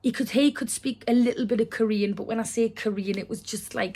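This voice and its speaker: A woman's voice: a little high, expressive, a little fast, mellow. A woman telling a long personal story, full of restarts and asides. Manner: rambling, with many restarts and asides. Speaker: vlogger.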